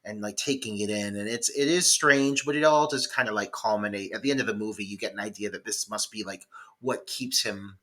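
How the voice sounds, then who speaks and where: A man's voice: fairly low pitch, fairly quick, pushed and bright. A man co-hosting a podcast, chatting casually about a film in a rambling, profane way, full of "like" fillers. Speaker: podcast co-host. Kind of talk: casual film review chat.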